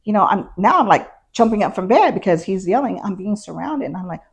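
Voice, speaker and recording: Gravelly, husky middle-aged woman. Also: medium pitch, lively intonation, fast. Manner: conversational, retells events with quoted dialogue. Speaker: interview guest, former constable. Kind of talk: casual interview storytelling.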